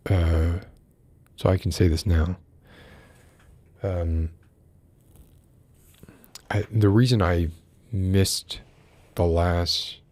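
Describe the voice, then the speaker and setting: A man's voice: low-pitched, darkish tone, dry recording. A man hosting a casual livestream, reading philosophy aloud and breaking off to ramble and greet viewers in the chat.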